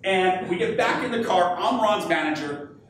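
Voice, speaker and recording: A man giving a live business keynote to an audience, energetic and peppering the crowd with questions. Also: sits high, normal speed. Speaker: professional speaker. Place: event hall with audience. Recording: echoey hall, voice from far off, faint hum.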